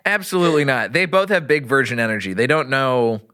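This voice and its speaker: A man from Texas hosts a casual comedy podcast, rambling through a movie recap with an animated, laughing delivery. His voice is bright and forceful, with a smooth, resonant tone. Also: medium pitch, brisk. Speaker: podcast host.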